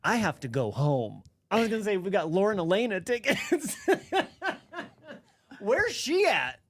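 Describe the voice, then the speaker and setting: A woman radio co-host in casual chat, reacting quickly and teasing. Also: mid-range voice, big pitch swings, no echo, studio quality. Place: radio studio.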